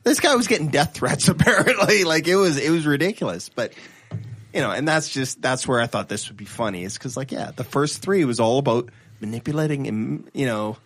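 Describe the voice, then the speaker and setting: A man co-hosts a podcast in a casual panel chat, retelling videos in a rambling way, restarting often and laughing at his own stories. His mid-range voice is fairly bright, brisk, and full of lively intonation.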